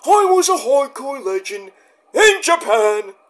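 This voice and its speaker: A man's voice: extremely high pitch, sing-song, slow, voice pushed up, full character voice. A man doing an impression of an older male wrestling legend who bellows angrily. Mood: boastful. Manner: bellowing, angry shouting.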